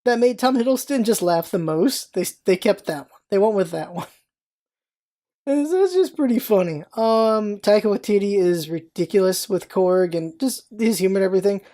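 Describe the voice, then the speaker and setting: A young woman chats through a movie review for her vlog, excitable and rambling. Her voice is mellow and warm, and she keeps breaking into playful impressions of the characters. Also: mid-range voice. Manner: chatty, excitable, rambling with many restarts; acts out characters' lines in quick impressions.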